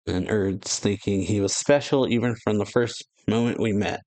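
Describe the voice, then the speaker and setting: A man's voice: on the low side, steady tone, normal speed, few pauses, darkish tone, no room sound. A man hosting a reaction channel who casually reads and paraphrases a manga chapter aloud, chuckling often and correcting himself as he goes. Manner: paraphrases character dialogue aloud with frequent chuckles; loose, rambling narration with self-corrections.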